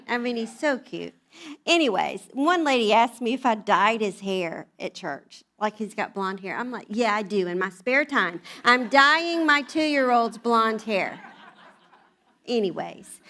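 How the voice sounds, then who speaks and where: A middle-aged woman with a Southern accent tells stories at a church gathering. Her voice sits a little high, and her delivery is chatty and humorous as she acts out family conversations. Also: a bit bright. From American South. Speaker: speaker at a church women's event. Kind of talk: storytelling talk to an audience.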